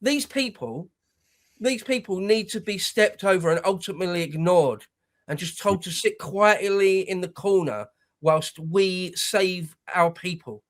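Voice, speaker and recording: A man's voice: high-pitched, a little slow. A man co-hosting reaction commentary, talking bluntly and scornfully with lots of swearing. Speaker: co-host.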